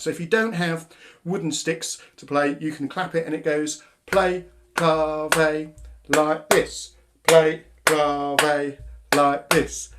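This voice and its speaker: A man hosting a live online drumming workshop from home on a webcam, chatty and cheerful, counting rhythms aloud. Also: fairly high pitch. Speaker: workshop facilitator and host. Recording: drums heard behind.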